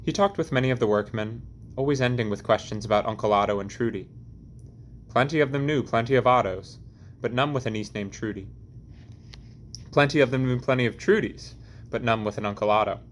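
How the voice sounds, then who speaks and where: A man narrating an audiobook chapter in a measured, deliberate reading. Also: mid-range voice, a little hiss or hum. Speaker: audiobook reader.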